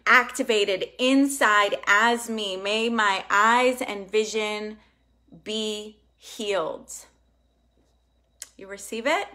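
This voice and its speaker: Bright-voiced excitable woman workshop host. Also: medium pitch, slow pace. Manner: emphatic, excitable, casual with swearing. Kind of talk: live online workshop teaching.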